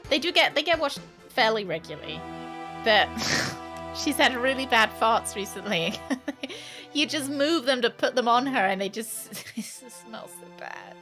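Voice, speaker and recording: A woman chats on a live stream in an unhurried, sing-song way, her pitch swooping all over. She coos at her dog in doting baby talk, giggles often and thanks her viewers, with faint music playing behind her. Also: expressive, sharp tone. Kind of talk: casual live-stream chat.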